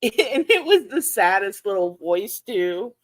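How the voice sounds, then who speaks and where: A woman, hosting her aquarium vlog and chatting casually, laughing often and jumping into high-pitched reenactments of her own reactions. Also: very animated, unhurried. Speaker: aquarium channel host. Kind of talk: casual chat to livestream viewers.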